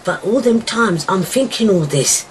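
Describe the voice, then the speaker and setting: A middle-aged woman giving a raw, emotional personal account to her daughter, swearing and acting out old arguments, swinging from loud outbursts to hushed whispers. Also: mid-range voice, animated, a little slow, a little hiss or hum, poor audio. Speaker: mother telling her daughter her story.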